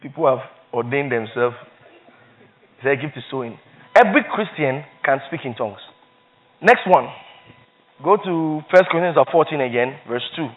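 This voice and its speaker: A man's voice: mid-range voice, expressive, normal speed, pauses often, narrow, tinny audio. A man preaching a sermon as pastor, emphatic, repeating phrases for stress and reading scripture aloud.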